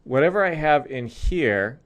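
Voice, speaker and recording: A man's voice: a little high, expressive, measured pace. A male programming instructor explaining code step by step in a recorded screencast lesson.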